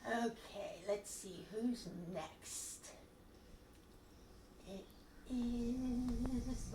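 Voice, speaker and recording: An older woman who hosts a children's bedtime story show, chatting in an animated, sing-song way with puppets. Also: on the high side, slight background noise. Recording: echoey room.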